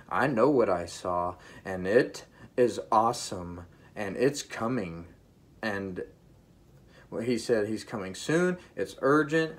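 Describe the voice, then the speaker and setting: A man earnestly telling a personal spiritual testimony straight to his viewers, emphatic and halting with frequent restarts. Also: mid-range voice. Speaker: vlogger sharing a vision.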